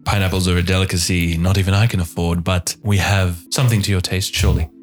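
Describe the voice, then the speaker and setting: A man's voice: low voice, flat delivery, quick pace, soft background music, close to an everyday voice. A man voicing a vain, flamboyant elven pirate captain who talks theatrically. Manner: theatrical, grandly welcoming.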